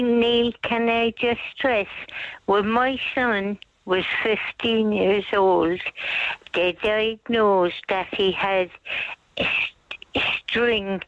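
An aggrieved woman in her sixties calls a radio show as a mother and carer, speaking slowly and insistently. Her voice sits in a middle pitch over a dull, dry line. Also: no room sound. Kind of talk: phone-in radio call.

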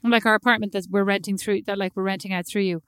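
A woman talks quickly into a close, dry podcast mic. She is a chatty storyteller who puts on voices for the people in her story. Her pitch sits in a middle range. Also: fairly even intonation, a bit bright, clean tone, no echo. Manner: chatty storyteller, acts out quoted exchanges. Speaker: podcast co-host. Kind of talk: casual chat.

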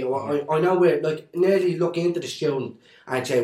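A man's voice: a little high, warm tone. A man in casual chat, blunt and swearing freely. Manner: blunt, swears, quick back-and-forth. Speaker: podcast co-host. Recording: echoey room.

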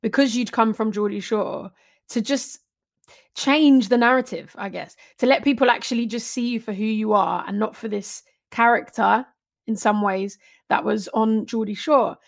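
A woman hosts a podcast chat with a slightly high voice, reacting eagerly and asking warm, probing questions. She laughs readily between her lines. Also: normal speed, vocal fry. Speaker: podcast host. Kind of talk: interview chat.

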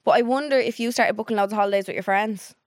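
A woman's voice: medium pitch, quick pace, dry recording, studio quality. A woman in her twenties co-hosting a podcast, chatting and giving easygoing advice with frequent laughter. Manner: chatty, laughs a lot, gives relaxed advice. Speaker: podcast co-host. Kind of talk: casual chat.

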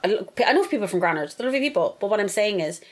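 An Irish woman in casual conversation, speaking heatedly with plenty of swearing. Her voice sits in a middle pitch. She often acts out quotes in other voices. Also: very animated, very fast. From Ireland. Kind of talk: casual chat.

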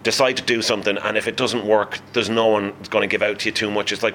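Irish brewery man, middle-aged, enthusiastic, low voice with a bright, forceful edge. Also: quick pace, hardly any pauses, a little hiss or hum. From Ireland. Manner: passionate, animated, repeats words when starting sentences. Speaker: brewery staff member. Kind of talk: enthusiastic interview answers.

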